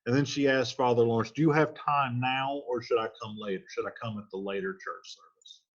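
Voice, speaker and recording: A man's voice: mid-range voice, steady tone, brisk, dull audio. Slangy man paraphrasing a play. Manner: reads old lines then paraphrases them in slangy modern speech. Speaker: teacher explaining a play. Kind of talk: casual line-by-line play explanation.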